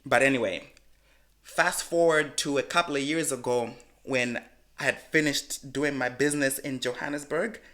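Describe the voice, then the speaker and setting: A man, co-hosting a podcast and telling a personal story in frank, animated casual chat. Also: mid-range voice. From Malawi. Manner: animated, frank storyteller who swears freely. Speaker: podcast co-host.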